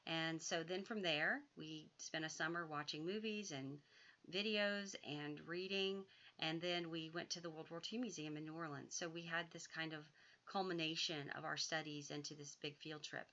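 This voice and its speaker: A woman, an author and educator, giving homeschool advice in a measured, thoughtful way, sometimes drawing phrases out. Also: low-pitched, sharp tone, muffled recording.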